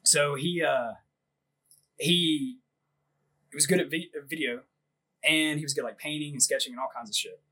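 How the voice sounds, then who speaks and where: A husky-voiced man in his thirties spins a crude, rambling story, pitched a bit higher than most men. He laughs often and fills every pause with "like" in loose podcast banter. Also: pushed and bright. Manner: rambling, laughs a lot, heavy "like" filler. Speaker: podcast co-host.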